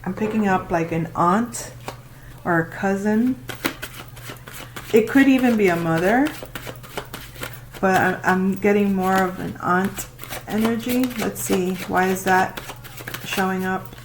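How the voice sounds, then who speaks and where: A woman doing a casual tarot reading, talking to the listener and reacting out loud with exclamations as she turns the cards. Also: medium pitch, a little slow, pauses often, slight background noise, poor audio. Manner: chatty, exclaims and laughs while reading cards. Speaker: tarot reader.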